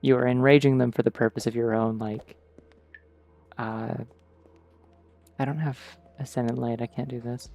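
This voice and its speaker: Chatting casually as he plays, a streamer rambles with many "like" fillers and takes long pauses at a moderate pace. His mid-range voice is steady, slightly mellow and carries vocal fry, in a dry recording with faint game music.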